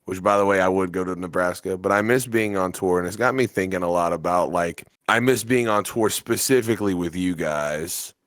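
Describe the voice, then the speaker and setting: A man's voice: sits low, fairly quick, hardly any pauses, fairly bright tone, no echo, clean studio sound. A man co-hosting a podcast in casual chat, rambling and teasing, laughing often. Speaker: podcast co-host. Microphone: webcam setup at home.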